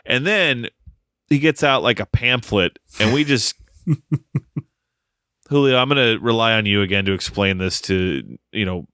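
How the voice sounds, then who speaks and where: A man co-hosts a casual movie podcast in a low, smooth voice. He is wry and swears casually, and he laughs at what he recounts. The sound is close and dry. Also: measured pace, long pauses, pushed and bright, no echo. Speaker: podcast co-host. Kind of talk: casual film discussion.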